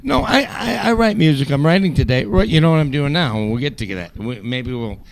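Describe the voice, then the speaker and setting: Gravelly, animated rock singer telling stories. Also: male voice, fairly high pitch, fairly quick, slight background noise. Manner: loud, profane, bursts into improvised singing. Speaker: guest vocalist. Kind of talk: casual storytelling interview.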